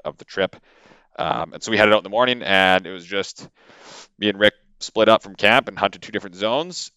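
A man from Canada, a podcast guest, telling a story in a casual, animated way with lots of fillers and repeated words, into a podcast microphone. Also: low-pitched, smooth, no echo.

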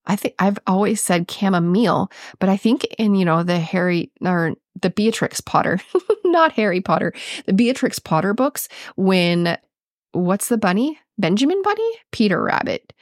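A woman's voice: medium pitch, very animated, moderate pace, no echo, clean studio sound. A woman in her thirties with a Minnesotan accent, hosting a solo health podcast in a chatty, earnest way and laughing at herself now and then. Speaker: podcast host.

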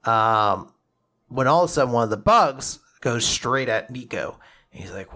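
A man casually recapping a manga chapter as a podcast co-host, excitedly acting out characters' lines and swearing casually. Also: mid-range voice, normal speed.

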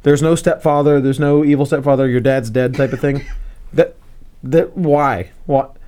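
A man talking casually about a movie with friends, stumbling over restarts and acting out quotes. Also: medium pitch. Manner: halting, many restarts, animated quotes. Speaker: podcast co-host.

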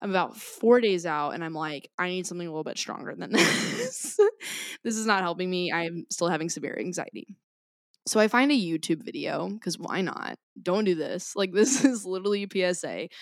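A woman tells a story on a podcast, animated and quick to laugh. Her voice sits a little low. The sound is dry and close, with no room echo. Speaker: podcast co-host. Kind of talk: casual chat.

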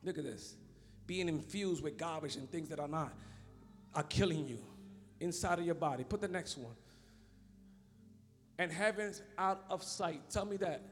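A man preaching a sermon as pastor, swinging between fervent shouts and low muttering. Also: moderate pace, pauses often, in a large hall. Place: church.

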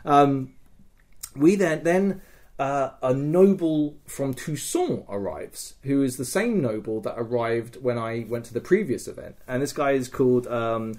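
A man's voice: medium pitch, expressive, measured pace, a little mellow. A man hosting a podcast, telling a story in casual chat. He swears freely and keeps checking in with "right?" and "okay?". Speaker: podcast host.

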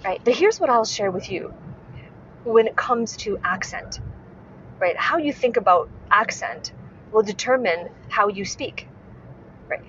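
On her instructive podcast, a speech coach teaches about speech, frequently tossing in tag questions and fixing her wording partway through sentences. Her voice is on the high side and a bit bright, captured on a muffled recording with slight hiss or hum.

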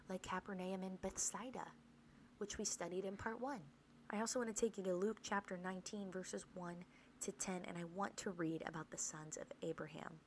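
A woman leads a podcast Bible study in a somewhat low voice. She teaches earnestly, posing rhetorical questions and checking in with her listeners. A faint noise sits under the recording. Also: low-quality recording. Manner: earnest, asks rhetorical questions, tag "right?".

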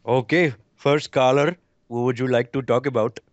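A man's voice: mid-range voice, fairly even intonation, moderate pace, no room sound, muffled recording, close to an everyday voice. A man playing a naive, overly polite talk show host with a put-on Indian accent, speaking in stiff, formal phrasing in improvised comedy. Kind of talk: improvised comedy role-play.

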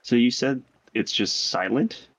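A man's voice: medium pitch, measured pace, a bit bright, no echo. A man playing a tabletop game, talking casually and hesitantly with many fillers. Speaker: player.

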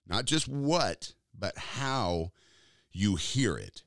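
A man preaching in a conversational style, emphatic, drawing out key words and jumping up in pitch to stress them. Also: expressive, measured pace, a bit bright, dry recording, clean studio sound. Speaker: pastor.

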